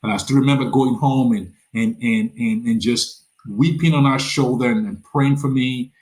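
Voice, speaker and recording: A man's voice: mid-range voice, normal speed, a little mellow, low-quality recording. A man from Nigeria, a podcast guest telling his own story in earnest and often repeating words as he goes. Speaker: podcast guest, nonprofit founder. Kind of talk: personal storytelling in a conversation.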